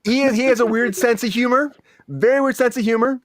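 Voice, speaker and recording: Brief: young male host, high and fast, animated storyteller. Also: no echo. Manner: animated storytelling, acts out quotes. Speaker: show host. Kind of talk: casual chat.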